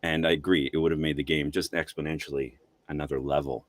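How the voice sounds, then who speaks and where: A male voice actor chatting on a livestream over a video call, explaining things in a relaxed way. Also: extremely low pitch, fast talker, dry recording. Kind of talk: livestream chat.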